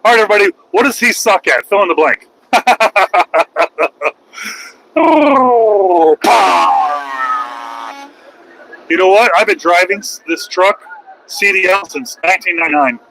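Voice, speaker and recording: Loud, bright-voiced mocking trucker. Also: male voice, high-pitched, animated, slow, vocal fry, long pauses, a little hiss or hum, poor audio. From United States. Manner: loud, profane and mocking, swings into shouting. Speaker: truck driver and livestreamer. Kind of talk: livestream rant.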